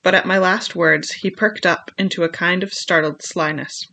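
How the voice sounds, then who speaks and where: A reader narrating a classic adventure novel in measured first-person storytelling. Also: mid-range voice, steady tone, creaky, pushed and bright.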